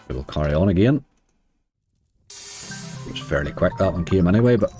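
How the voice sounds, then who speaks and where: A man's voice: low-pitched, lively intonation, moderate pace, pauses often, dark tone, soft background music. A man giving casual running commentary while playing, chatty and talking to the game as he goes. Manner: chatty, muttering to the game and cheering it on. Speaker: slots streamer. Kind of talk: casual commentary over gameplay.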